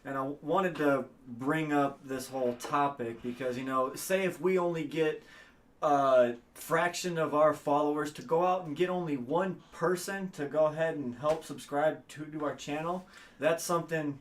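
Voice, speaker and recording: A man co-hosts a livestream chat, steering the conversation in a plain, earnest way. His voice sits a little higher than most men's. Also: normal speed. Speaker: co-host.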